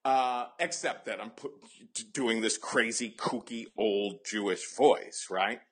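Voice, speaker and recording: A man's voice: fairly low pitch, slow pace, slightly rough. A middle-aged man from the American Midwest, telling stories from his own life as an interview guest and acting out his own past words. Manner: animated, acts out his own quotes. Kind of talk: conversational storytelling.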